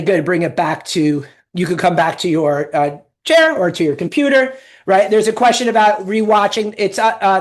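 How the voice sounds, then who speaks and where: A woman presenting a webinar, leading listeners through a guided exercise and chanting affirmations with them in an encouraging way. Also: fairly low pitch. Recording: echoey room, mic at a distance.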